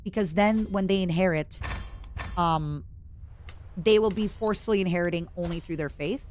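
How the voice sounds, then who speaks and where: A woman streamer giving chatty, self-mocking commentary while playing a strategy game, now and then bursting into excited shouts. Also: fairly low pitch, moderate pace, slight background noise. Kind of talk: casual gameplay commentary.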